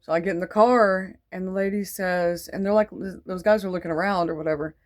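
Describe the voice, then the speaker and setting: A woman's voice: lowish voice, fairly even intonation, fairly quick. Rambling, earnest woman sharing testimony. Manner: rambling and digressive, full of "like" and "um"; earnest and faith-filled. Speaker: Christian testimony vlogger. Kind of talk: casual spoken testimony.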